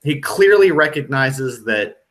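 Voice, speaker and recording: Slow bright-voiced man running a tabletop game. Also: mid-range voice, expressive. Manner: hesitant, many ums and restarts. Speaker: game master.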